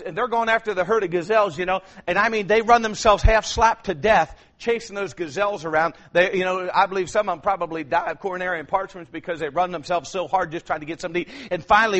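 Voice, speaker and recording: Man, high voice, sermon, shouts then drops low for stories. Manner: swings from shouted preaching to low storytelling. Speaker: pastor.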